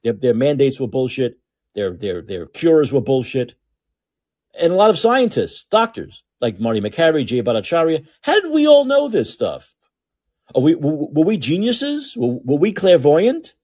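Husky, animated male podcast host. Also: on the high side, moderate pace. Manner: sarcastic, animated, swings from loud outbursts to muttering asides. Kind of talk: opinionated monologue. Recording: talking alone at home.

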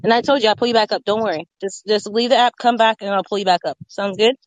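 A woman hosting a call-in podcast, talking quickly and reassuringly as she directs a caller. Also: medium pitch, fairly even intonation, dry recording, poor audio. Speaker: podcast host. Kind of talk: casual podcast chat.

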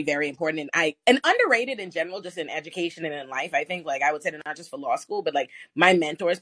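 A woman from the West Indies runs a live call-in podcast with a teasing, slangy, animated delivery. Her voice sits a little low. The sound is dry and close, with no room around it. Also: dry recording. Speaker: host and attorney.

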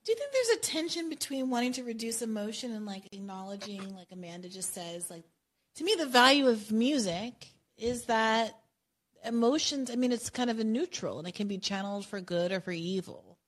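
A woman's voice: fairly high pitch, animated, a little fast. A woman hosting a podcast in casual chat, thinking aloud in a reflective way and laughing easily. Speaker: podcast host.

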